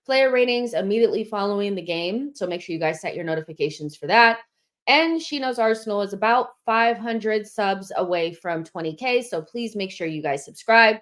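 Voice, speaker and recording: A woman's voice: mid-range voice, lively intonation, normal speed, fairly bright tone. A young woman hosting a live football fan stream, chatting casually, a little out of breath as she reads viewer comments. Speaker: host of a football fan show.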